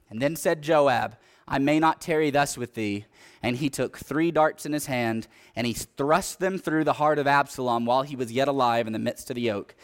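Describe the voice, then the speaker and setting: A man's voice: medium pitch, moderate pace, smooth. A man preaching a sermon, telling a Bible story and reading scripture aloud, building up energy at the dramatic parts. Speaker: pastor.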